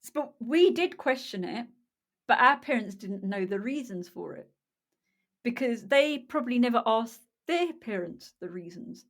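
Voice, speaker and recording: A woman's voice: on the high side, expressive, unhurried. Chatty woman co-host, searching for words. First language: Punjabi. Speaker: podcast co-host. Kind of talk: casual chat.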